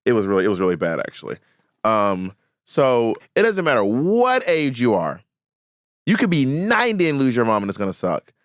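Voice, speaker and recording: A man talking as a podcast guest in casual chat, an animated storyteller who repeats words as he gets going. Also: normal speed, dry recording, clean studio sound. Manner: soft and low talking about his late mother.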